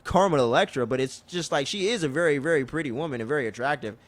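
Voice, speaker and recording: A man co-hosting a podcast, recapping an episode in casual chat, telling it loosely and profanely with quick impressions of the characters. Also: on the high side. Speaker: podcast co-host.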